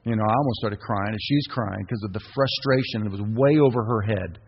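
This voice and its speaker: Husky-voiced pastor preaching in a church. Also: male voice, fairly low pitch, a little fast. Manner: exhorting, call-and-response with congregation. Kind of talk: sermon. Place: church sanctuary. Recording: dull reverberant church recording.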